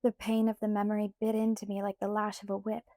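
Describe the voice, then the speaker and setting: A woman narrating a first-person novel as an audiobook with an expressive, measured reading. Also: mid-range voice, no room sound.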